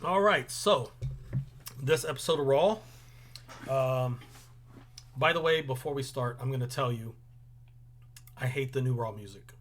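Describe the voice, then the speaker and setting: A young man hosting a casual review show, relaxed and rambling with lots of ums. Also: mid-range voice, measured pace, pauses often. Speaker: host. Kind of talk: casual chat.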